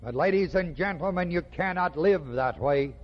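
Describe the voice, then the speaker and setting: A man preaching a sermon slowly and emphatically, with dramatic pauses. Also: on the high side. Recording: dull lo-fi recording with long hall reverb.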